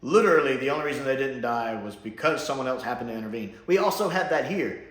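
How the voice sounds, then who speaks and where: A man's voice: mid-range voice, animated, fast, a bit bright. A man giving a casual spoken episode review, blunt and sarcastic, with mocking asides. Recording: echoey room.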